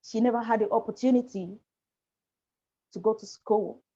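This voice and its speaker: A woman speaking as a panel guest over a video call, halting and apologetic as she shares a painful personal story. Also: fairly high pitch, fairly even intonation, mellow, slightly rough. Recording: muffled lo-fi video call audio.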